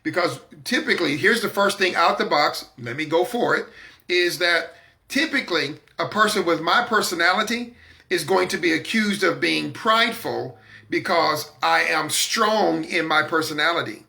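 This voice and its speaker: An emphatic man delivers a preaching-style talk on his own broadcast. His voice sits high and sounds very bright, with a gravelly catch in it. He talks with firm confidence and circles back on key words for stress. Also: expressive, moderate pace. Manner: repeats words when stressing a point. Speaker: broadcast host.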